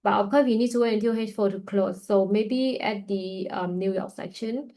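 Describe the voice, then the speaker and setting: A woman's voice: medium pitch, steady tone, normal speed, mellow, low-quality recording. A woman hosting a trading webinar, thinking aloud over live charts with loose grammar and many fillers, tired and yawning. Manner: casual, thinking aloud while watching charts. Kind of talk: live market analysis.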